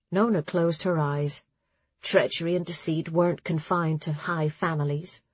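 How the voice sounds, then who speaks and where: A woman narrating a novel in a measured, even storytelling manner. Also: deep voice, breathy edge, no echo. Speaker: audiobook narrator. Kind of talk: scripted audiobook narration. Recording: dry, slightly dull audio.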